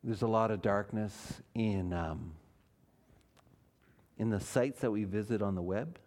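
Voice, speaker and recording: A man's voice: fairly low pitch, measured pace, a little mellow. A man, a pastor, preaching a sermon in church, earnest and emphatic, asking his listeners questions.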